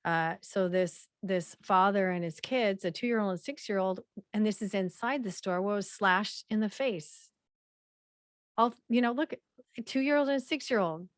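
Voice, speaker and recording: A woman presenting a slideshow workshop in a conversational way, with frequent fillers and repeated throat clearing. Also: mid-range voice, unhurried, dry recording, clean studio sound.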